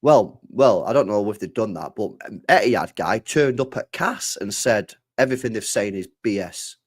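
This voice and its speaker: A man's voice: on the low side, moderate pace. A man hosting a live football stream, swearing freely and acting out imagined conversations. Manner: swears freely, animated, acts out imagined dialogue. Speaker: football channel host.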